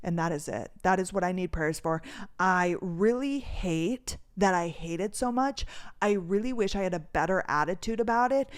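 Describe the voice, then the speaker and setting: A young woman from North Dakota hosting a casual solo podcast, telling stories with animated energy, acting out dialogue and swearing freely. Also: on the low side, moderate pace, clear, resonant tone. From North Dakota, USA. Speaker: podcast host.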